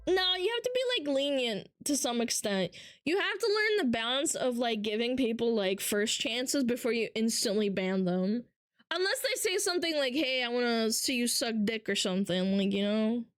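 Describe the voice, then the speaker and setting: A woman's voice: a little high, animated, normal speed, no room sound, studio quality. A woman livestreamer in casual chat, ranting with lots of swearing and mocking her viewers. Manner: ranting, profane, mocking impressions.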